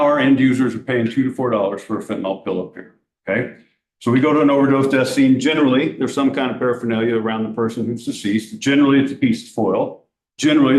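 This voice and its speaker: A man addresses a council meeting with earnest conviction, posing rhetorical questions and pressing his point. He talks at a brisk clip. His voice carries the echo of a large room. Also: medium pitch, darkish tone. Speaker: law enforcement speaker. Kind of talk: public presentation at a council meeting.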